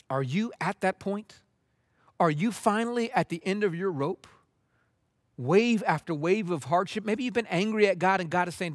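A man with a fairly high voice delivers an impassioned sermon from the pulpit. The sound is dry and close, with no room around it. He swings from urgent, pleading intensity to soft, hushed appeals. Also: animated, moderate pace, dry recording. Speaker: pastor.

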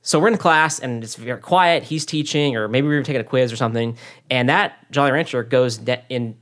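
A man from Florida speaks quickly in a medium voice. He tells personal stories in a relaxed conversation, earnest and often doubling back to repeat words mid-sentence. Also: mid-range voice. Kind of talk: personal storytelling in casual chat.

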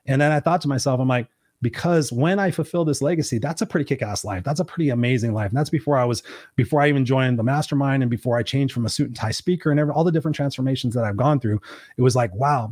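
Male podcast host, 40s, rapid motivational storyteller, dry close sound. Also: medium pitch, a little mellow, no echo. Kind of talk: casual interview conversation.

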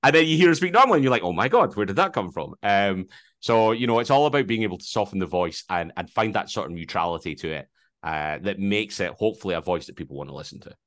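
A man with a Scottish accent, a podcast co-host answering interview questions loudly and slowly. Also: fairly low pitch, expressive, dry recording. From Scotland. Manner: loud and slowly spoken.

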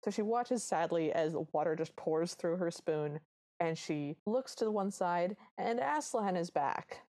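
A woman co-hosting a podcast, chatting about a film with wry, animated asides. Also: lowish voice, unhurried. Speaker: podcast co-host. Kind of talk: casual recap chat.

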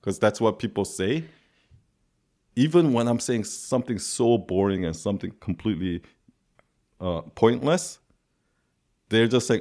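Calm low-voiced man, rambling podcast chat. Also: measured pace, pauses often. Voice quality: calm voice that listeners find soothing. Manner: rambling, with many filler words. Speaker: podcast co-host. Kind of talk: casual chat.

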